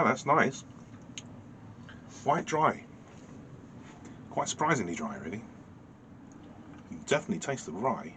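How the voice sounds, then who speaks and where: Low-voiced man musing over a beer. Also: background noise. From United Kingdom. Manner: dry, understated, musing with many fillers and self-corrections. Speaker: beer reviewer. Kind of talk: casual beer review vlog.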